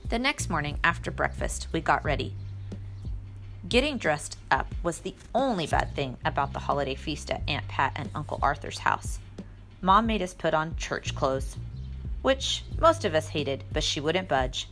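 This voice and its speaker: A woman narrating a storybook aloud in a lively, expressive way. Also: sits low, moderate pace, faint music behind. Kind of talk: storybook reading.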